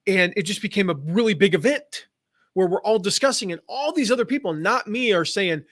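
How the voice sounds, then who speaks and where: A man's voice: sits high, animated, a little fast, fairly bright tone, dry recording, studio quality. An American man who grew up in the Midwest and South, teaching affiliate marketing in a rambling, casual live-stream chat. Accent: General American. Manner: chatty, rambling, with fillers and restarts.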